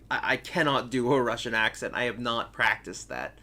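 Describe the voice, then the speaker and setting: A man's voice: mid-range voice, normal speed, few pauses, sharp tone, slight background noise. A man hosting a game playthrough, breaking off with apologetic, self-correcting asides. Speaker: let's play host. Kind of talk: casual game commentary.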